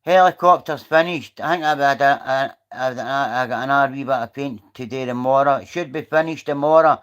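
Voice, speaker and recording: A man's voice: mid-range voice, brisk, a bit bright, clear, resonant tone, lo-fi sound. A Scottish man chatting casually on a livestream, rambling through a story and swearing freely, sitting outdoors. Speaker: livestream host.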